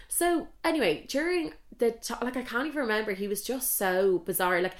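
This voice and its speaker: A woman's voice: on the high side, a little fast, hardly any pauses. A young Irish woman in her twenties telling a dating story in a casual, rambling way, blunt and full of swearing and fillers. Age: 20s.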